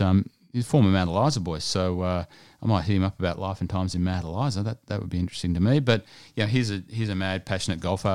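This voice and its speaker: Low-voiced man hosting a podcast. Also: darkish tone, no echo, clean studio sound. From Scotland. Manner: rambling, enthusiastic, many fillers. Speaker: podcast host. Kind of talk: casual solo podcast chat.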